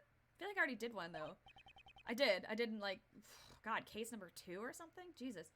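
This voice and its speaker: A woman's voice: on the high side, sing-song, fairly quick, sharp tone. A young woman streamer chatting casually through gameplay, rambling, swearing freely and laughing often.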